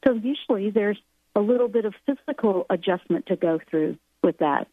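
A woman's voice: mid-range voice, expressive, normal speed, breathy edge, dry recording. Earnest woman on a tinny phone line. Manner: earnest, rambling, spiritual. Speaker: spiritual guest speaker. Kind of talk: radio call-in show talk.

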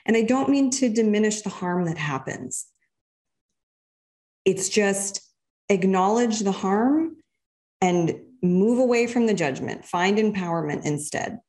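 A woman's voice: mid-range voice, lively intonation, a little slow, a little mellow. A woman guest in an interview who speaks reflectively and explains her points with examples. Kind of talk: casual interview conversation.

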